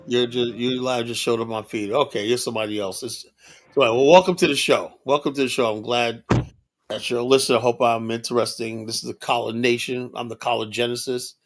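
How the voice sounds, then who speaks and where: A man's voice: mid-range voice, fairly even intonation, brisk. A man hosting a livestream show, talking bluntly and casually in a rambling monologue, often adding "you know.".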